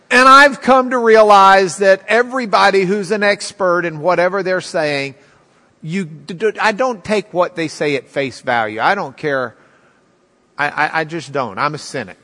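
A man in his fifties gives a Bible class to a live audience, his fairly high voice bright and clear. He talks in a loose, conversational way, full of ums and restarts. A long reverb from the large room trails after each phrase. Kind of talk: storytelling lecture.

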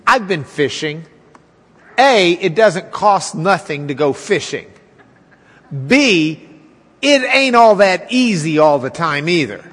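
A man's voice: expressive, slow pace, a bit bright. Folksy male Bible teacher in reverberant hall. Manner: folksy, acts out quotes with raised pitch. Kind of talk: sermon-style Bible class.

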